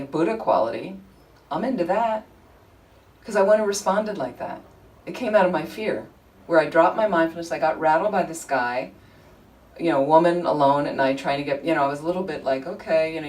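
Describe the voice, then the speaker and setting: A woman leading a Buddhist study group, telling anecdotes in an informal, animated way. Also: low-pitched, distant mic, rough recording. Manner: chatty, animated storytelling with frequent laughter. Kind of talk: informal teaching talk with anecdotes. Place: group meeting room.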